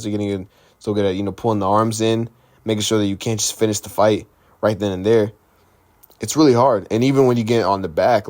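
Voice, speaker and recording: A man giving casual reaction commentary on a fight, rambling and conversational, full of restarts and filler words. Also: on the low side. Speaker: MMA commentary host.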